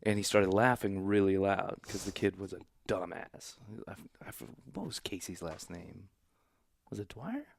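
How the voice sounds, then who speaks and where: A young man from St. Louis, a comedian guest telling stories in a relaxed, rambling way with lots of fillers. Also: low-pitched, moderate pace, creaky. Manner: laid-back, rambling storyteller, many fillers. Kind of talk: casual podcast chat.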